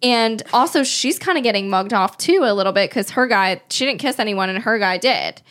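A woman's voice: medium pitch, animated, a little fast, fairly bright tone. A woman co-hosting a podcast in a casual chat, giving blunt, opinionated takes on a reality show and swearing freely. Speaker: podcast co-host.

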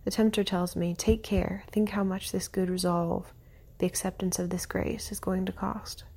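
Host, woman, reads devotional prose aloud, soft and near-whispered, gravelly and husky, dark tone. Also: mid-range voice, level tone, normal speed. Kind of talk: reading a devotional text aloud with brief comments.

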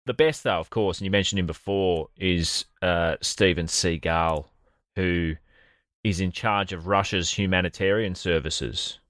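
A man's voice: sits low, a little slow, a bit bright, no room sound, studio quality. A man co-hosting a comedy podcast, telling sardonic, profane stories in casual banter. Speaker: podcast co-host.

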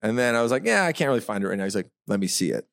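A man's voice: on the low side, big pitch swings, rapid-fire, gravelly, fairly bright tone, no echo, clean studio sound. A man co-hosting a live podcast, telling self-mocking stories and laughing often as he goes. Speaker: podcast co-host. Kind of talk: casual storytelling on a live podcast. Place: festival stage before a live audience.

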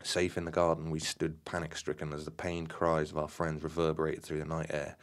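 A man with a deep, low voice reads a personal story aloud at a measured pace. He sometimes stumbles and restarts a word, which gives the reading a loose, unpolished feel. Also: completely flat delivery. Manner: measured, slightly halting reading.

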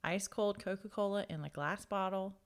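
A woman's voice: mid-range voice, normal speed. A woman co-hosting a podcast, telling funny stories in casual chat and acting out what others said. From American South. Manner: storytelling, acts out dialogue, laughs often. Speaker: podcast co-host.

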